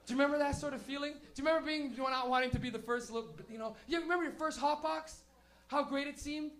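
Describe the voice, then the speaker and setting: Young guy doing stand-up, really high bright voice, swears a lot, laughing thru it. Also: fairly even intonation, quick pace. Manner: profane, laughing, storytelling. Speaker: stand-up comedian. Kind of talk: stand-up comedy set. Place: live show venue with audience.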